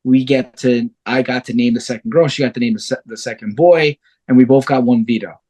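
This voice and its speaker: A man's voice: mid-range voice, fairly quick. A man in his thirties, a fighter and guest on a podcast, telling stories in casual chat and swearing freely. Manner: animated storyteller, swears freely.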